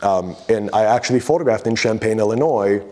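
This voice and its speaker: A photographer from California, a man, telling stories to an audience in an artist talk, with lively anecdotal delivery. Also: fairly low pitch, brisk. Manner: lively anecdotal storytelling, acting out dialogue.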